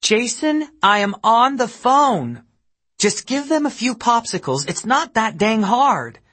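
A man's voice: on the high side, slow pace, husky, pitched above the performer's own voice. A man voicing a guarded, bitter woman from Memphis. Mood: exasperated. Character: guarded, bitter woman, a mother of young kids.

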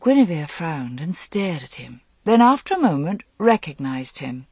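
Steady audiobook narrator, dry sound. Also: mid-range voice, moderate pace, slightly rough, no room sound. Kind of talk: scripted narration.

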